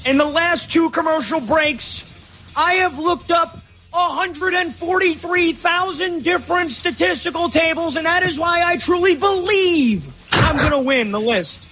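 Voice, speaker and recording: A man doing an impression of a loud, excitable older male football analyst on a radio show. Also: very high voice, measured pace, faint music behind, pitched above the performer's own voice, exaggerated voice. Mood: boastful.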